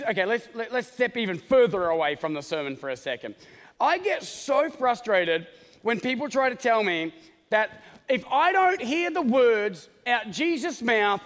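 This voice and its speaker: A man preaching a sermon as pastor, joking and animated, often checking in with the congregation with "okay?". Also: high voice, big-room sound. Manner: joking, animated, talks straight to the congregation with many "okay?" asides.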